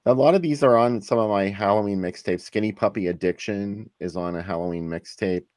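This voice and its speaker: A man hosting a podcast, chatting in a relaxed way and enthusiastically recommending things. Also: on the low side, fairly quick, dry recording. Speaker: podcast host. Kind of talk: casual chat.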